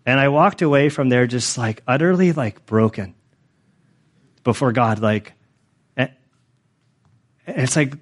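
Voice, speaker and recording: Male pastor, 40s, mid-pitched, rambling sermon testimony full of fillers, earnest. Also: unhurried, long pauses.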